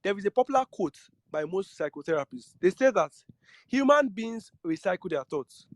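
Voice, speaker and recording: High-voiced man teaching trading. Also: expressive, normal speed, dry recording. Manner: earnest, repeats and restarts phrases, asks the listeners questions. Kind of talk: lecture-style talk to trading students.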